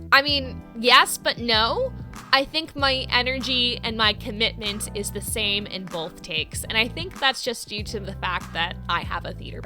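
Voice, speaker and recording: A woman's voice: a little high, bright, forceful tone. A young woman actor chatting casually to camera, talkative and self-deprecating. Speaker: actor and vlogger.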